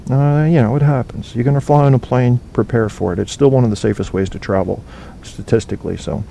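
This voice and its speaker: Blunt, rambling male podcast host; gravelly and mellow, on a tinny home mic with faint noise. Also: fairly even intonation, fairly quick. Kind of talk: casual solo talk with live chat. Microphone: cheap low-quality microphone. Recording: faint noise on a low-bitrate stream.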